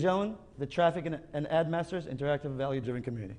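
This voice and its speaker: A man's voice: a little high, very fast, hardly any pauses, a little mellow, slight background noise. A man giving a salesy conference presentation, punchy and swearing freely as he tells a joke. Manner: salesy, punchy storytelling with profanity. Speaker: conference speaker. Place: large conference hall. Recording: echoey hall with long reverb.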